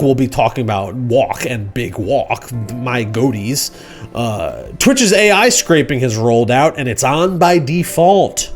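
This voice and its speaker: A man hosting a casual livestream, rambling and joking, acting out quoted shouts. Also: mid-range voice. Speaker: livestream host.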